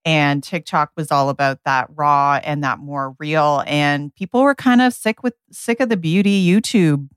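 Host role: woman with a smooth, resonant, slightly low voice, thoughtful, close dry mic. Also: normal speed, few pauses, no room sound. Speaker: podcast co-host. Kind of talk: casual interview chat.

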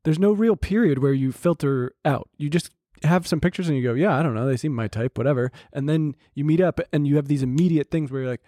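A man with a slightly high voice chats casually on a podcast and winds through long stories. He acts out what everyone said. The sound is close and dry, with no room echo. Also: fast talker, hardly any pauses, warm tone. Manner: rambling storyteller, acts out quotes. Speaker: podcast co-host. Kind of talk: casual chat.

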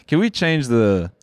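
Podcast host, male, sarcastic riffing, lively up-and-down delivery, dry close sound. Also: mid-range voice, dry recording. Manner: sarcastic, rambling, laughs often. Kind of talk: casual comedic podcast chat.

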